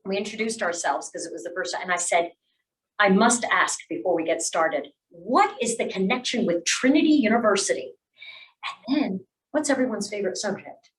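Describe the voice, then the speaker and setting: A woman on a webinar panel, telling a work anecdote in a lively way. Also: mid-range voice, moderate pace, recorded from a distance, low-quality recording.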